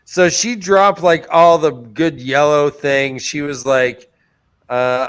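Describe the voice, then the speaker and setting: A man's voice: on the high side, slow, a bit bright, smooth. A man co-hosting a podcast, casually recapping book chapters in loose, profane chat.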